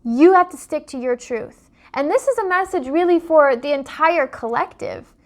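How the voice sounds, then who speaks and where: A young adult woman who works as a life coach and dream interpreter speaks directly to camera in a passionate vlog monologue, asking her viewers one rhetorical question after another. Her voice is high-pitched with lively intonation, and she talks at a normal speed.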